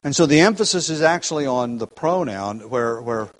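A man's voice: medium pitch, expressive, normal speed, rough recording. A man teaching the Bible, explaining at length and thinking aloud with frequent restarts.

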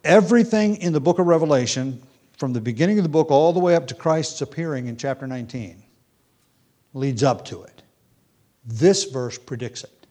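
Preacher, male, fairly high voice, teaching at a measured pace, a thoughtful explainer with small restarts. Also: lively intonation, a little mellow. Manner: reads quotations aloud with rising emphasis. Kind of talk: expository Bible teaching.

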